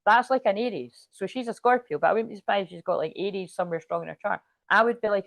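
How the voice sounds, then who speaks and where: A spiritual reader and livestream host chats casually, rambling and swearing freely as she retells a story and quotes others in a lively way. Her mid-range voice is fast with vocal fry and few pauses, and the recording is dry.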